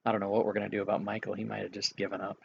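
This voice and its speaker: A man's voice: lowish voice, completely flat delivery, racing, gravelly, slightly rough, lo-fi sound. A man working as game master, casually walking players through setup with frequent filler sounds. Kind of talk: casual instructions during an online game session.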